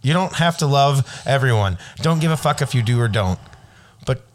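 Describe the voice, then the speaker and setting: A man's voice: mid-range voice, animated, moderate pace, slight background noise. A man co-hosting a podcast, talking in an emphatic, earnest way with plenty of swearing. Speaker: podcast co-host. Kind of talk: casual chat.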